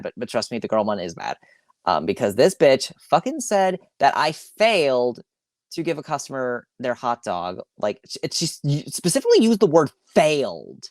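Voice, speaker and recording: Male podcast host, solo rant; loose, profane, self-interrupting delivery, mid pitch, dead-dry recording. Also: no room sound. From Long Island, New York. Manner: rambling, swearing, self-correcting, with sighs.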